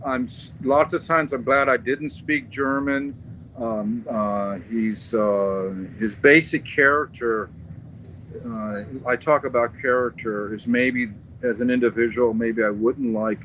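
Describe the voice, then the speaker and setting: A man, a dog sport trainer guesting on a podcast, tells stories in a loose, animated way. He swears freely and often trips over and repeats his words. His voice sits at an ordinary pitch, with faint background noise. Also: lo-fi sound. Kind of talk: casual storytelling.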